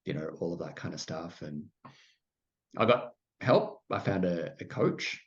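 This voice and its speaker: Aussie guy rambling thru his story, lots of "like", kinda low voice, dull muffled audio. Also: expressive, a little slow. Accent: Australian. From Australia. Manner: frequent "like" fillers, self-deprecating. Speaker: podcast guest. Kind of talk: candid storytelling in conversation. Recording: muffled lo-fi sound.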